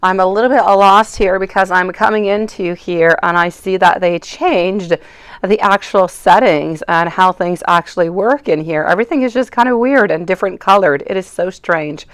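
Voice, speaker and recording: A woman hosting a live tarot reading stream, chatting casually and greeting viewers by name with affectionate words. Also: medium pitch. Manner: warm, chatty greetings to viewers by name, calls them sweetie. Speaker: tarot reader hosting a livestream.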